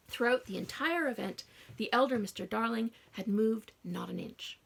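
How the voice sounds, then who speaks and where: A woman narrating a first-person audiobook in a hushed, dramatic reading. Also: a little high, moderate pace, vocal fry, husky.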